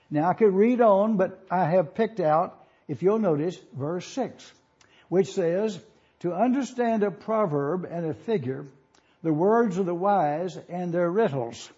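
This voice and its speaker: A man's voice: high voice, warm tone, slightly rough, muffled recording. A man preaching a sermon in an auditorium, teaching and asking listeners to follow along in their Bibles.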